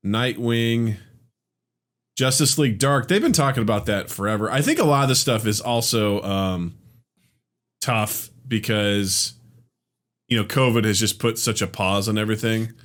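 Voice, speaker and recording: A man's voice: lowish voice, normal speed, a bit bright. A man hosting a podcast in casual chat, reading out listener comments, laughing and swearing. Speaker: podcast host.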